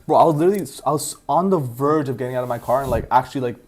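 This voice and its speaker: A man's voice: mid-range voice, racing, noisy background. A young man co-hosting a podcast, rambling through a story in casual chat, full of "like". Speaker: podcast co-host.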